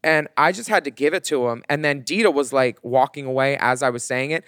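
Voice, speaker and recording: A man's voice: mid-range voice, brisk, smooth, dry recording, studio quality. A man co-hosting a podcast, telling a story in casual gossip chat and acting out the people in it. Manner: animated storyteller who acts out the other people in his stories. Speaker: podcast co-host.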